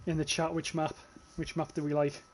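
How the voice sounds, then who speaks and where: This gaming livestreamer is a young man from northeast England whose accent places him near North Yorkshire. He talks a little fast in a fairly high, monotone voice, chatting casually with viewers while swearing a lot and restarting phrases.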